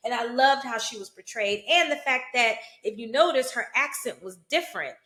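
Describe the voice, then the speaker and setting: A fairly high-voiced woman talks through a film in a relaxed, conversational way, often tossing in "you know" and "right?". She speaks as a root worker. Her voice rings off the walls of an echoey room. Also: moderate pace. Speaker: hoodoo root worker and vlogger. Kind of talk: casual film commentary.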